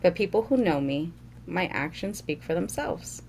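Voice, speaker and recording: A woman co-hosting a podcast in casual chat, telling stories in a measured way with many "like" fillers. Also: fairly low pitch, animated, gravelly, darkish tone, a little hiss or hum. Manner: measured storytelling with frequent "like" fillers. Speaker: podcast co-host.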